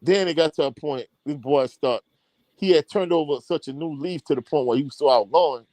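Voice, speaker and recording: Animated storytelling coach, higher-pitched man. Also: brisk, no echo. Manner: animated, slangy anecdote telling with many fillers. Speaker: high school coach and show co-host. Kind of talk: casual podcast storytelling.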